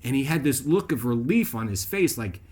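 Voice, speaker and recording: A man with a middle-range voice tells a personal story straight to camera, relaxed and chatty. He animates his telling by shifting his voice up and down, and keeps pulling the listener in with a quick "right?" before drifting into a gentle, reflective faith message. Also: mid-range voice, husky. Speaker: video host.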